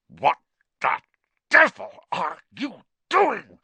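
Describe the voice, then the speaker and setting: A man's voice: medium pitch, huge pitch swings, measured pace, sharp tone, no echo, exaggerated voice. A man voicing a pompous, bad-tempered middle-aged uncle who blusters and snarls, in an audiobook. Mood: furious. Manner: blustering, snarls through gritted teeth. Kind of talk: audiobook character voice.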